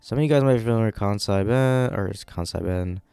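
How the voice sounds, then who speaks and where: A man's voice: on the low side, quick pace, gravelly, warm tone, smooth, dry recording, soft background music. A man giving casual, rambling commentary on a manga during a live reading, often checking in with the audience. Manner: rambling, keeps checking in with "right?".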